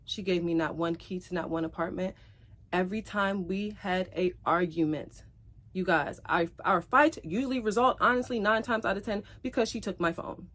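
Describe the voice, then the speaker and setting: With a lowish voice, fairly even intonation and normal speed, an upset streamer near tears tells viewers about her breakup. She talks right to them, repeats phrases, and climbs loud and heated over the fights.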